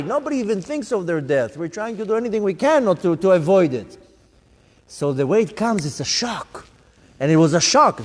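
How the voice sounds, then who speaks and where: High-pitched and sing-song at a normal speed, a rabbi shares his story live with a congregation, dramatizing his own thoughts and other people's voices. It's recorded in a synagogue hall with long reverb.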